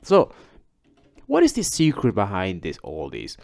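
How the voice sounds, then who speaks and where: A man's voice: low voice, wildly swooping pitch, unhurried, vocal fry, a little mellow, dry recording. A man casually narrating a screen-share language tutorial, rambling and correcting himself as he repeats sounds. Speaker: language learner teaching viewers.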